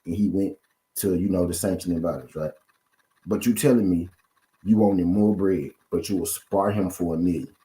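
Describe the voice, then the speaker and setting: A man's voice: sits low, moderate pace, dark tone. A man hosting a boxing channel, giving a casual, repetitive commentary rant full of rhetorical questions to his viewers.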